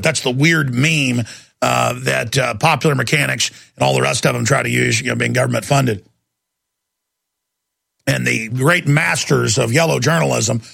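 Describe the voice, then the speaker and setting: A man's voice: medium pitch, normal speed, vocal fry, bright, forceful tone. A man hosting a talk radio show, ranting emphatically and hammering key words over and over.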